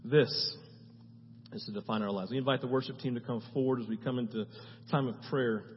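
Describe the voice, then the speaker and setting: A man preaching a sermon as pastor, swinging from hushed tones to loud, fervent prayer and often asking the audience "right?". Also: medium pitch, fairly even intonation, brisk, a little hiss or hum. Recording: dull, echoey church hall.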